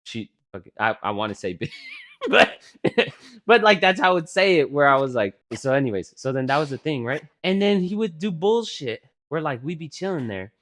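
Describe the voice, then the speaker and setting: Animated, swearing young man telling stories. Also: fairly high pitch, normal speed. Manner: rambling, profane, animated storytelling with many fillers. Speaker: podcast co-host. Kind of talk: casual storytelling chat.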